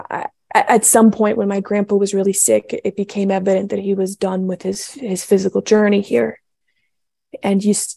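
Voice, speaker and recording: A young woman talking through her faith in a loose, heartfelt way, circling back on herself with fillers and restarts. Her voice is mellow and gravelly with a dry, close sound. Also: mid-range voice, dry recording. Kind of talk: casual spiritual talk.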